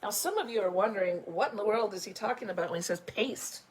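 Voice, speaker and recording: A woman school principal reading a picture book aloud to children, with animated storytelling and chatty asides. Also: mid-range voice, fast talker, husky. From United States.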